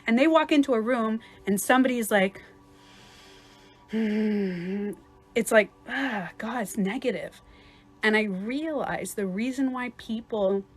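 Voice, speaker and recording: A woman life coach in a casual livestream talk, chatty and swearing at times, acting out other people's voices. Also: mid-range voice.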